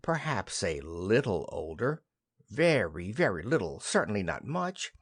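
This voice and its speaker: A man's voice: fairly low pitch, big pitch swings, measured pace, husky, voice pushed down, full character voice. A man reading as chattering young wife Nora. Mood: cheerful. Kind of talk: audiobook play reading.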